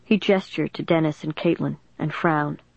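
A woman narrating an audiobook in a steady, clear storytelling manner. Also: low-pitched, moderate pace, no echo. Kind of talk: scripted narration. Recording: dull, dry studio recording.

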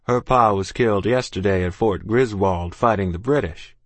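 A quiet soldier uncle, voiced by a man, speaking with plain, deferential respect. Even-toned and dry. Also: lowish voice, moderate pace, no room sound.

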